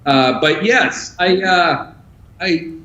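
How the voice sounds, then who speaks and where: Deadpan New comic, echoey room. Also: male voice, on the high side, drawn-out words, dull audio. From New York. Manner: deadpan, crude one-liners. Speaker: stand-up comedian guest. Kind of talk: dry joking banter on a remote call. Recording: echoey roomy sound.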